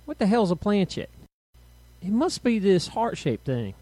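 A man's voice: high-pitched, big pitch swings, measured pace, mellow, voice pushed up, full character voice. A man doing whiny teen girl Catherine. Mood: puzzled. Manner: whiny and mocking. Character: teasing teenage twin girl Catherine, complaining.

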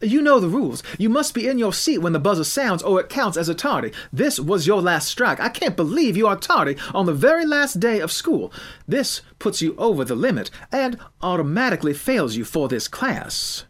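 A man doing a high, nagging strict teacher woman. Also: big pitch swings, normal speed, a bit bright, full character voice. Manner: nagging, rule-bound.

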